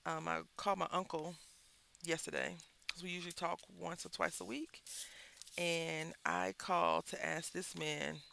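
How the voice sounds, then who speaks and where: Gravelly-voiced man chatting while crafting. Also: a little high, flat delivery, measured pace, bright, forceful tone, a little hiss or hum. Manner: rambling, candid storytelling, talks to viewers as y'all. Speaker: craft vlogger. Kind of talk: casual chat while crafting.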